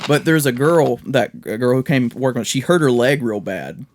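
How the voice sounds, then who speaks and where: A man's voice: mid-range voice, moderate pace, slight background noise. A man on a casual podcast telling stories about his coworkers, swearing and acting out their lines. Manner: animated, acts out coworkers in quoted voices, swears freely. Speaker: podcast co-host. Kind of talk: casual storytelling chat.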